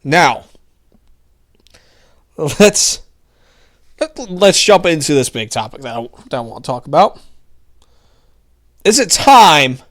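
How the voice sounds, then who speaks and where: A young man hosting a casual political commentary show, sarcastic and mocking, rambling as he talks. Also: a little high.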